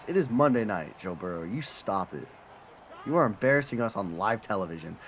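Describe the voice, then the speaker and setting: A young man giving casual, animated commentary over a football video game, cursing and swinging between frustration and excitement. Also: on the low side, moderate pace. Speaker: gaming commentator. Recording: slightly dull sound, faint background noise.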